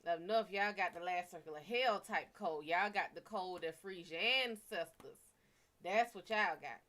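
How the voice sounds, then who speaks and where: A woman's voice: on the low side, measured pace, pushed and bright. A woman from the American South, chatting casually and profanely with viewers on a live stream. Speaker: live stream psychic reader.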